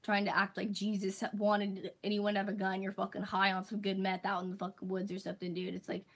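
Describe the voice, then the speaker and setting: Young woman vlogger, mid-pitch, venting to camera: exasperated, profane, filler-heavy, with mocking impressions of critics. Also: completely flat delivery, a little fast, low-quality recording. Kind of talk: casual ranting monologue.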